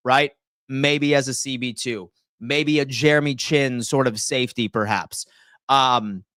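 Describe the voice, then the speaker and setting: A man hosting a live sports talk stream, energetically reading out viewer shout-outs and giving his take. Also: medium pitch, no echo, studio quality. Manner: energetic, reads chat shout-outs aloud. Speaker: sports livestream host.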